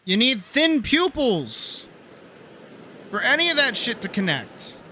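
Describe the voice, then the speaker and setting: A man streaming live, talking casually and getting wildly animated, swearing freely as he demonstrates his art. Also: extremely high pitch, slow pace. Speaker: streamer and artist.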